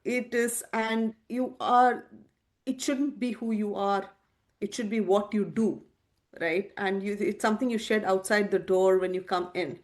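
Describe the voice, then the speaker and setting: A woman's voice: mid-range voice, unhurried. A woman from India with an Indian accent, a tech leader speaking earnestly and animatedly as an interview guest. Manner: earnest and animated, with many restarts. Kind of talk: interview conversation.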